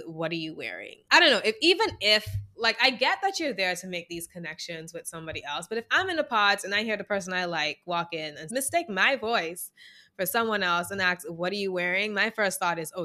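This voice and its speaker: Bright, lowish female co-host; expressive recap storyteller. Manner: expressive storyteller, acts out voices, swears. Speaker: podcast co-host. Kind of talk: casual chat.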